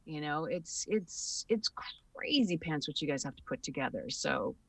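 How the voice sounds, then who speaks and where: A woman's voice: deep voice, normal speed, vocal fry, slightly rough, dry recording. Candid woman voice actor, distant mic. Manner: candid, animated, laughs often. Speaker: voice actor on a panel. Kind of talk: casual panel talk. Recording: dry sound from a distant mic.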